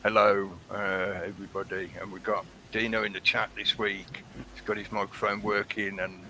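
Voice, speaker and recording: A man's voice: lowish voice, level tone, normal speed, pushed and bright, a little hiss or hum. A man hosting a casual livestream, chatting in a rambling way and greeting viewers in the chat by name. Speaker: livestream host. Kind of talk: casual live-stream chat.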